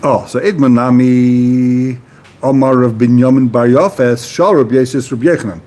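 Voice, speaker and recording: Here a man of medium pitch and normal speed works through a Talmud text with a study partner. In class fashion, he reads Aramaic phrases aloud, then animatedly puts them into plain, casual words.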